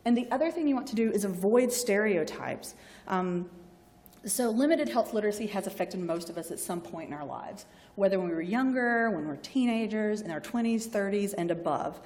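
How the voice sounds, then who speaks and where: A woman's voice: medium pitch, expressive, moderate pace, darkish tone. Southern woman lecturing, hall reverb. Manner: chatty, frequently acts out patient and doctor voices. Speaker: university library staff presenter. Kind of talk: informal lecture.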